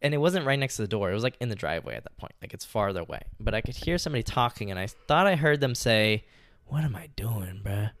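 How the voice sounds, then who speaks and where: A young man with a middle-pitched voice tells a long story on a podcast. He rambles loosely and swears often, leaning on "like" and "you know". The sound is dry and close on the mic. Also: lively intonation, racing, few pauses, fairly bright tone, no echo. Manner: rambling, profane, heavy use of "like" and "you know". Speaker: podcast co-host. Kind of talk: casual storytelling chat.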